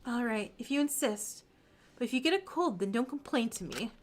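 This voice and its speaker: A woman voicing a worried, protective young woman who speaks softly and shakily, close to tears. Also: fairly high pitch, expressive, normal speed, slight background noise, lightly acted. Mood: scolding.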